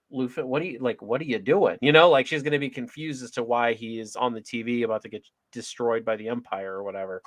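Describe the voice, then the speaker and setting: A man co-hosting a casual TV review chat, excitedly spinning theories and tripping over his words. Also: mid-range voice, no echo. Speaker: podcast co-host.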